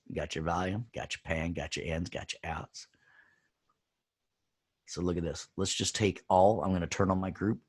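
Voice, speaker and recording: A man teaching an audio software class, upbeat and jokey, walking students through steps and checking in with "right?". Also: low voice.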